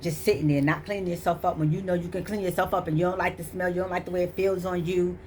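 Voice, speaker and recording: Emphatic motivational woman, low-voiced. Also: quick pace, a little hiss or hum. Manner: emphatic, repetitive, preachy and animated. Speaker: motivational vlogger. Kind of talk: casual motivational talk.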